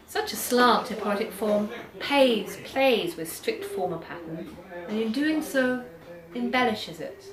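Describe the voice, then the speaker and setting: A woman giving an academic lecture on poetry, measured, reading poems aloud slowly, recorded from a distance in a lecture hall. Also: fairly high pitch, expressive, a crowd in the background. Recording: echoey hall, far from the mic, audience.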